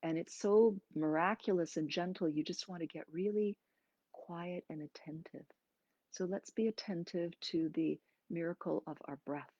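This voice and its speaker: A woman yoga teacher guiding a breathing class in slow, gentle, soothing instructions with pauses. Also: fairly low pitch, dry recording, muffled recording. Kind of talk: guided breathing and movement class.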